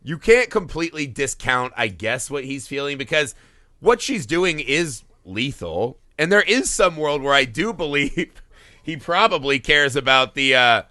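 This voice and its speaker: A man's voice: mid-range voice, unhurried, dry recording, clean studio sound. A man in his thirties co-hosting a film podcast, talking casually and swearing a lot as he acts out scenes. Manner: animated, profane, acts out scenes in quoted voices. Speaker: podcast co-host.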